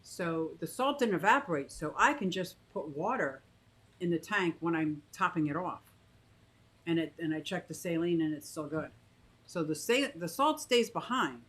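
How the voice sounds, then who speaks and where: Animated and fairly bright-toned at normal speed, a fifty-something aquarium vlogger casually discusses her tanks with the camera and her live chat, thinking out loud with frequent restarts and digressions. She turns to her pet bird with high sing-song cooing. The recording is rough.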